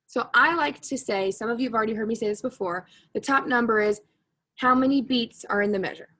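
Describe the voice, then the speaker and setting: A woman's voice: on the high side, a little fast, fairly bright tone. Woman, music teacher, video lesson, patient, repeats herself, jokes at her own slips. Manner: patient, repeats key points, self-correcting with humor. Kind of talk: recorded online music lesson.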